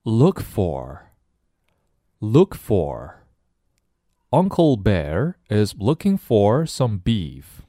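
A middle-aged male teacher with a fairly low voice leads a recorded language lesson. His pitch swings widely as he jokes and reads examples. The sound is dry and close. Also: extremely slow, long pauses, no room sound. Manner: lively and joking, switching between explaining and reading aloud. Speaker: English teacher.

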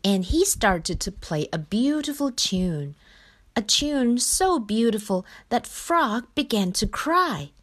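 A Chinese woman with a mid-range voice reads a children's picture book aloud as a storybook reader, taking it slowly and expressively in a storytelling style.

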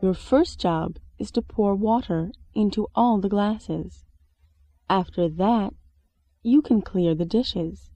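A woman's voice: mid-range voice, slow pace, mellow, faint music behind. A woman voicing a male cook who gives a new worker his instructions. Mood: instructing. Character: bossy male restaurant cook giving orders.

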